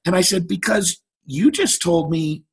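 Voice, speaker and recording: A high-pitched, creaky voice with a breathy edge, moving a little slowly, belongs to a middle-aged man guesting in an interview. He tells an anecdote animatedly, voicing the people he quotes.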